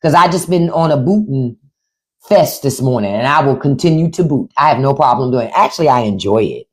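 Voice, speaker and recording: Blunt, lively woman ranting to viewers. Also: extremely low pitch, brisk. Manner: blunt, profane and sarcastic, addressing viewers directly; repeats phrases for emphasis. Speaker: livestream host. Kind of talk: unscripted livestream commentary.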